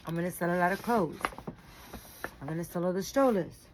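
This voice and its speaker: A woman talks straight to her audience in a loose, rambling way, full of fillers and casual swearing. She sounds worn out and a little sleepy. Her voice sits fairly low, with a faint hum of room ambience behind her. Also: a little fast. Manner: rambling, chatty, tired, with frequent fillers and swearing. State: tired and yawning. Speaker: doll collector vlogger. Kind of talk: casual chat to camera.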